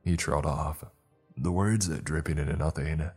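A man narrating a horror story in a slow, grim, measured reading. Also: very deep voice, a little mellow, husky, soft background music.

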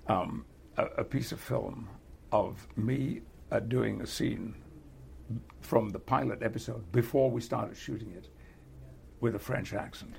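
An older man with a British accent, chatting in an interview, halting with many restarts and frequent chuckles. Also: lowish voice, gravelly, noisy background. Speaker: actor being interviewed. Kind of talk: casual interview chat.

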